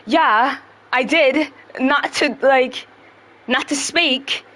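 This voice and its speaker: A woman's voice: high voice, very slow, fairly bright tone. A woman chatting casually on a livestream, blunt and profane, rambling with fillers.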